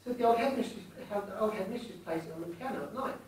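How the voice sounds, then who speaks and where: A man's voice: sits high, expressive, fast talker, a little mellow. A man in his forties from England, a ghost tour guide and medium, telling cheeky stories and teasing a live group. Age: 40s. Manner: cheeky, jokey, teases the audience. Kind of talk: joking storytelling to a live group. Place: large indoor hall in an old fort. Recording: echoey, distant room with faint noise.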